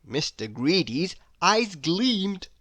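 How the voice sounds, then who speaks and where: Animated woman reading a children's story. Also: lowish voice, no echo. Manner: expressive, animated reading with slow pacing. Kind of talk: children's story read-aloud.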